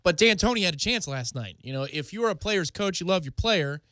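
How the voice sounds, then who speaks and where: A man co-hosting sports talk radio, trading quick remarks with the host. His voice is slightly high and the mic sound is dry and close. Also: lively intonation, sharp tone, no room sound. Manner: chimes in with quick agreeing remarks.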